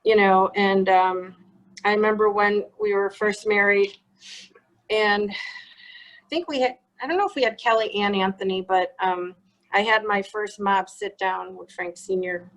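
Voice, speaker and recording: A woman telling her own story in an interview, blunt and animated, swearing freely as she acts out what was said. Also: medium pitch, measured pace, rough recording. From Chicago. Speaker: guest.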